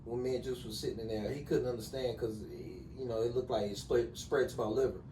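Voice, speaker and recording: A middle-aged man telling personal stories as a podcast guest in a relaxed, casual way, often saying "you know". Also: mid-range voice, a little fast, slight background noise. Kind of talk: casual conversation. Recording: echoey room, distant mic.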